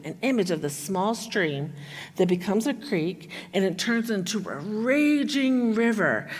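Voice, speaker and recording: A woman preacher delivering an earnest sermon, reading scripture with emphasis and dropping to near-whispers to stress points. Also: on the low side. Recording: echoey hall with long reverb.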